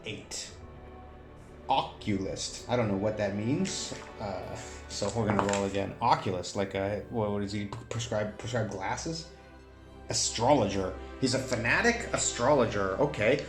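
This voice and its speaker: A man narrating a solo tabletop game, thinking aloud with many pauses and fillers. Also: lowish voice, reverberant.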